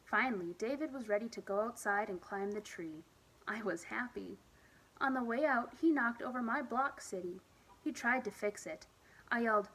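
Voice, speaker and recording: A woman reading a children's picture book aloud at storytime, with expressive, lively emphasis. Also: fairly high pitch, normal speed, rough recording. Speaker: storytime reader.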